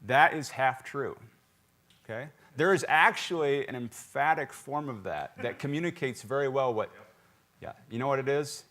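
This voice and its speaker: Male pastor, joking sermon, quizzes the congregation, mid-pitched. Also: moderate pace, a bit bright. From South Carolina. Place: church sanctuary.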